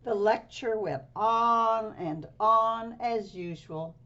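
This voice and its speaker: A woman reading a children's picture book aloud in an expressive, unhurried way. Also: on the high side, lo-fi sound. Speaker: storybook reader.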